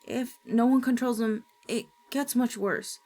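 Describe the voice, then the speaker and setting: A woman's voice: on the high side, steady tone, a little slow, darkish tone, pitched above the performer's own voice. A woman voicing a fierce, frightened old grandmother, giving urgent, clipped warnings. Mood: grim.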